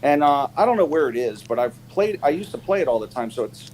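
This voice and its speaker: A man on a casual live panel chat, telling stories with lots of fillers and sharp jumps in pitch when he quotes people. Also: fast talker, slight background noise, low-quality recording. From United States. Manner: animated storyteller, many fillers, pitch jumps when quoting.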